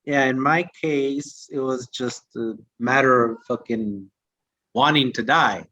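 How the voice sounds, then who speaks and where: A man's voice: mid-range voice, takes it slowly, no echo. A man co-hosting a podcast, telling stories in casual chat, swearing constantly and acting out what people said. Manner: animated, swears constantly, acts out quotes. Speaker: podcast co-host. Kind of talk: casual profane storytelling. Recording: dull lo-fi dry sound.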